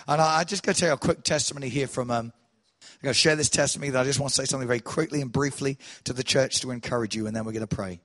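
Male preacher, sermon testimony, dramatic swings between loud and soft. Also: medium pitch, quick pace. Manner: animated storytelling, swells loud then drops soft.

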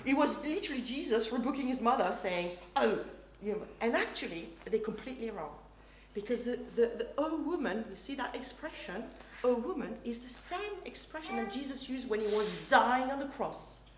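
A woman's voice: a little high, lively intonation, a little fast. A middle-aged woman preaching a sermon, telling stories animatedly and acting out voices. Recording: roomy hall with faint noise.

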